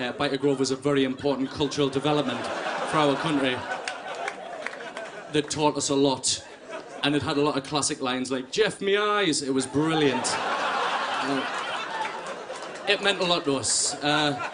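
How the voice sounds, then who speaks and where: A man with a Sunderland accent doing a stand-up set in a comedy club, bantering with the crowd and mocking himself. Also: mid-range voice. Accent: Sunderland English. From Sunderland, England. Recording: noisy live club recording.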